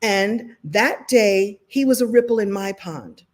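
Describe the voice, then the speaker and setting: A woman from Brooklyn gives a motivational livestream talk, speaking straight to her viewers as a coach. She tells her stories with emotion and energy and laughs often, at a medium pitch. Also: unhurried. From Brooklyn, New York. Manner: emotional, animated storyteller with frequent laughs.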